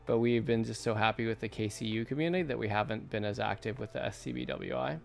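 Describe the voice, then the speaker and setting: Soft music plays behind a lowish, creaky male voice that moves fast. The speaker, a US artist in his thirties, livestreams from a home studio at night, drawing and chatting loosely with viewers, wandering off topic and laughing a lot.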